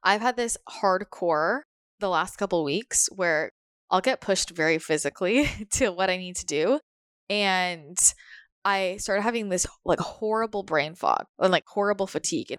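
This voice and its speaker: A woman's voice: on the low side, expressive, normal speed, fairly bright tone, clear, resonant tone, no room sound, studio quality. A woman talking candidly in a casual podcast chat, swearing now and then and acting out her own inner voices. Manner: candid, swears, acts out quotes.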